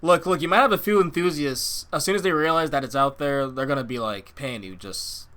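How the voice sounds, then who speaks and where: A man co-hosting a podcast, playful with quick teasing reactions. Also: a little high, a bit bright. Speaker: podcast co-host. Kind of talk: casual chat.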